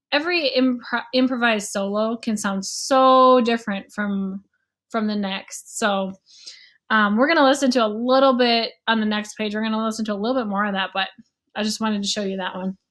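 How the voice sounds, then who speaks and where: Woman music teacher, slightly high voice, casual, chatty, hums examples. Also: normal speed, sharp tone. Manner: casual, explains with sung and counted rhythms. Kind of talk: recorded online music lesson.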